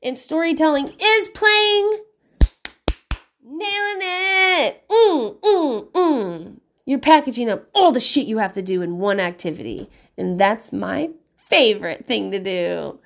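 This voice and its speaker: Blunt, swearing mom of five. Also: female voice, mid-range voice, big pitch swings, moderate pace, gravelly, fairly bright tone. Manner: candid and profane, laughing often. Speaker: mother of five giving parenting advice. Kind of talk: casual monologue.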